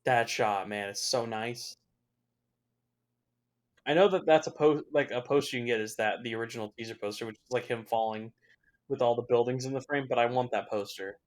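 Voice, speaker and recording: A man's voice: medium pitch, fairly quick. A young man talking through a film as a casual watch-along commentary, swearing freely and reacting with open emotion. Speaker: movie reviewer.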